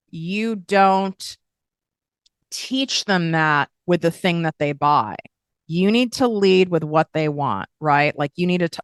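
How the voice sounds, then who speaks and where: A woman hosting a podcast and coaching listeners on online business in a blunt, casual, animated way with frequent swearing. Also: low-pitched, no room sound, studio quality. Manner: blunt, swears freely, animated with emphatic asides.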